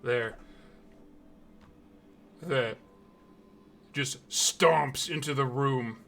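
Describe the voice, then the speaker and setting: A man, the game master, narrating a tabletop game in a slow, hushed, deliberate way. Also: medium pitch.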